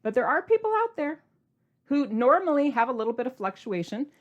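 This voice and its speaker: A middle-aged woman hosting a podcast, talking to her listeners in an energetic, animated, casual way. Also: high voice, a little fast, dull audio. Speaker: podcast host. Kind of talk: casual motivational podcast monologue.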